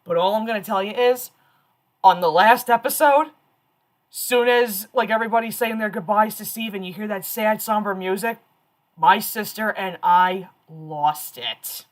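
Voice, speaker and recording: A woman in her thirties hosting a casual stream, telling stories in an animated, chatty way. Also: medium pitch, normal speed. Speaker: streamer host.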